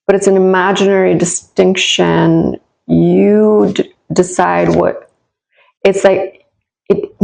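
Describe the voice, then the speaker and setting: Encouraging woman with vocal fry. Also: lowish voice, low-quality recording. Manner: warm, encouraging, talks straight to the listener; rambling with frequent restarts and asides. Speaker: tarot reader. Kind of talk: casual tarot reading spoken to the viewer.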